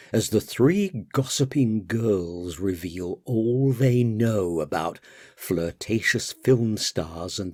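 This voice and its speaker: A man reading a novel aloud as audiobook narrator, slipping into lively voices for the characters. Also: on the low side, no room sound, clean studio sound. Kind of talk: scripted narration.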